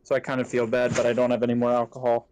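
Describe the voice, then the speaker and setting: A young man co-hosting a casual podcast, playful and teasing, quick to jump into the conversation. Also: medium pitch, monotone, darkish tone, slight background noise. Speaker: podcast co-host.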